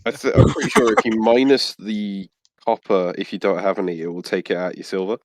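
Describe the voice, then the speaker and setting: A man with a very low voice runs a tabletop game over voice chat. He talks in a halting way, filling gaps with "uh" as he works out the sums. The sound is dry and close. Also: no echo. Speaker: game master.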